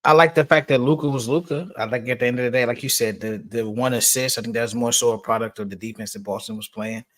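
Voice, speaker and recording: Male co-host, average pitch, relaxed slangy delivery. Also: fast, hardly any pauses. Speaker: podcast co-host. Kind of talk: casual sports talk.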